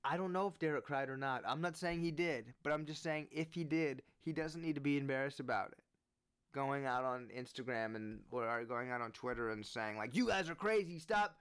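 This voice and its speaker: A man giving earnest, animated opinion commentary on sports, rising in pitch when he presses his point. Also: normal speed, smooth.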